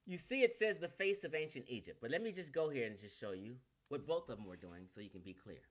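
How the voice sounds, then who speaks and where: A man's voice: mid-range voice, big pitch swings, fast talker. A man with a Californian accent giving a brash, combative and profane lecture on a livestream while sharing his screen. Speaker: online lecturer.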